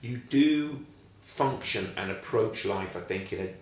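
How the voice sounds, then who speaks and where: A man, a foster parent telling stories in casual, animated chat and acting out the voices of the people in them. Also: fairly low pitch, unhurried. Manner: animated, acts out quoted voices. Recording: very echoey room.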